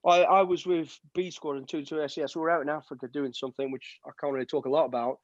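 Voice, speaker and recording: Bloke on earbuds telling war stories, does the voices, swears a bit, muffled dry sound. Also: male voice, a little high, fast talker, dry recording. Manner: animated anecdotes, acts out quoted voices, casual swearing. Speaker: guest, ex-soldier. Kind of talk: storytelling interview on a video call. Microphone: earbuds on a video call. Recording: dull, dry video-call audio.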